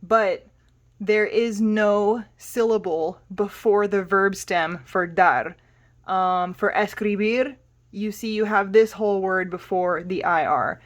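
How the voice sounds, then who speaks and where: A woman's voice: mid-range voice, slow. A woman teaching a Spanish lesson, explaining patiently and spelling words out letter by letter.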